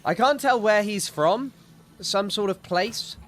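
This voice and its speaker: Lively, higher-voiced male streamer. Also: slow, a little hiss or hum. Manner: amused, chatty, reacts and speaks to his chat. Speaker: game streamer. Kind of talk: casual livestream commentary.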